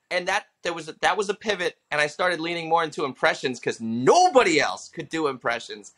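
A man in his thirties, a stand-up comedian telling stories in a casual interview, animated and slipping into quick character voices. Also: fairly high pitch. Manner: animated storyteller who slips into character voices for quotes.

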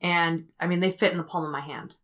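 A woman hosting a podcast, telling a story in a casual, rambling way with many fillers as she thinks out loud. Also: lowish voice, steady tone, quick pace. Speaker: podcast host.

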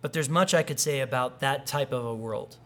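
A man's voice: medium pitch, brisk. A male pastor giving a conversational sermon, telling personal stories and acting out quoted people. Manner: conversational, animated, acts out quoted voices.

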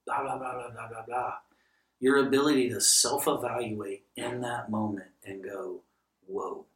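A man's voice: mid-range voice, unhurried. A middle-aged man, a guest pastor, telling stories in a podcast conversation and acting out the dialogue. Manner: animated storyteller who acts out dialogue. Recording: roomy sound from a distant mic.

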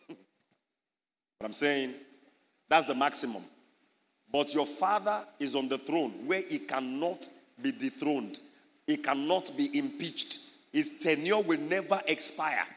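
A man preaching an animated sermon as a pastor, his voice rising loud on key points. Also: a little high, takes it slowly, long pauses, long reverb tail.

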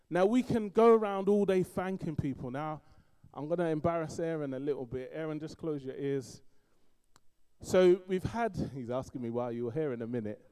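Middle-aged London-accented man, animated preacher, mellow dark tone. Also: a little high, clear, resonant tone. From East London. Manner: animated storytelling, swings between loud emphasis and quiet asides. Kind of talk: sermon.

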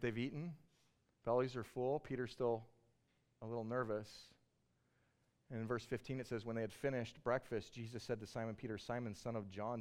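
Conversational male preacher. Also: medium pitch. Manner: conversational storytelling, building to passionate emphasis. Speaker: pastor. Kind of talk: sermon.

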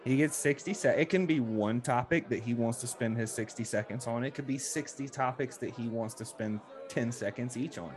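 A man's voice: mid-range voice, normal speed, few pauses, soft background music. A man hosting a casual podcast from a tavern, joking and rambling with restarts. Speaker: podcast host.

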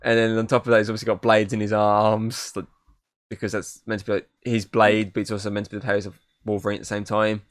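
Casual male podcast host, low-pitched, swearing, rambly recap, dry sound. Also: completely flat delivery, quick pace, no room sound. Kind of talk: casual film review chat. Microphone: podcast mic.

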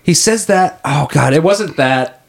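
A man's voice: fairly high pitch, lively intonation, measured pace, gravelly. A man co-hosting a casual movie discussion podcast, talking animatedly with frequent restarts and self-corrections. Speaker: podcast co-host.

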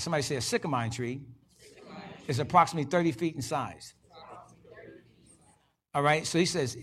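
A man preaching a sermon as pastor, repeating key phrases and breaking in with short praises. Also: medium pitch.

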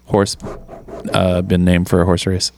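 A man with a fairly low voice hosts a loose podcast among friends. He swears freely and keeps steering to the next topic. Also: monotone, normal speed, a crowd in the background. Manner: profane, drives the topics. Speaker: podcast host. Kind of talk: casual chat.

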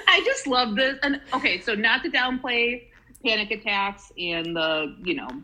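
A woman co-hosting a casual podcast chat, talkative and quick to giggle as she reads a story aloud. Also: on the high side, lively intonation, sharp tone, poor audio. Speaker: podcast co-host.

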